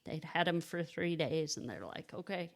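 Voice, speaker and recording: Woman, 30s, lowish pitch, casual podcast storyteller, halting with lots of fillers. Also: animated, vocal fry. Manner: halting, restarts, frequent "like" and "you know". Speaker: podcast co-host telling her own story.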